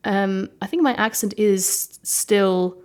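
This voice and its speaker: A woman from the United States with an American accent softened by British intonation, speaking as an interview guest in a chatty way with many fillers. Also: medium pitch, takes it slowly, clean tone. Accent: American with British-influenced intonation. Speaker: guest, legal expert. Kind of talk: conversational interview.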